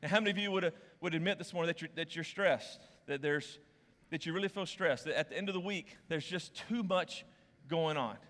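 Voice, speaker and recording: Bright-voiced pastor in a reverberant church hall. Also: male voice, on the high side, brisk, few pauses. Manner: playful and joking with volunteers, then candid and confessional. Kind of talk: sermon with audience games. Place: church auditorium. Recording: long reverb of a large hall.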